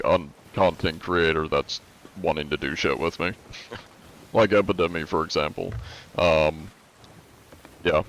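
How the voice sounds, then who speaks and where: A congested man chatting loosely on a live gaming stream, swearing freely as he talks. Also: low voice. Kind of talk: casual gaming livestream chat.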